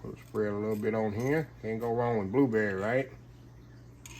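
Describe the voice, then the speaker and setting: A man's voice: on the low side, fairly even intonation, normal speed, a little mellow, slight background noise. A man hosting a casual home cooking vlog, folksy and chatty, calling his viewers y'all. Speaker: cooking vlogger.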